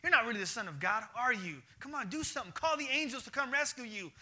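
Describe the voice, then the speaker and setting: A man's voice: very high voice, expressive, quick pace, sharp tone, exaggerated voice. A man playing a scornful thief who taunts and jeers in challenges. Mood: taunting. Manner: taunting, jeering.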